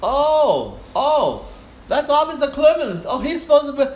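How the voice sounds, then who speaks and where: A man doing a loud, arrogant conductor. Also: big pitch swings, unhurried, roomy sound, slight background noise, full character voice. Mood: fawning. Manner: loud, high and blustering. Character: arrogant male orchestra conductor, later fawning.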